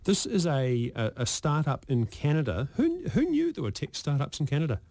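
A man's voice: on the high side, very animated, moderate pace, darkish tone, no room sound. A male radio host, chatting in a loose, jokey way and tumbling over repeated words. His voice is close and dry on a studio microphone. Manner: jokey, rambling, stammers on repeats. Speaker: radio talk show host. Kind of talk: casual radio chat.

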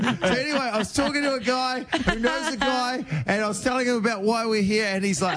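A man's voice: very high voice, a little fast, few pauses, fairly bright tone. A man, co-hosting a radio show, telling a story and laughing at himself. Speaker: radio co-host. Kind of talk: radio banter.

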